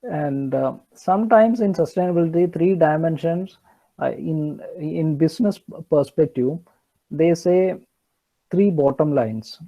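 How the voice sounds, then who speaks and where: A man's voice: on the high side, a little slow, warm tone, poor audio. A man giving an online engineering lecture, hesitant with many fillers and restarts.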